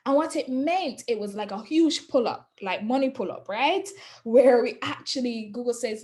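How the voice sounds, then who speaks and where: A woman's voice: on the high side, normal speed, darkish tone. A woman giving a casual webinar presentation on digital marketing, chatty, laughing often and checking in with "right?". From not from Jamaica.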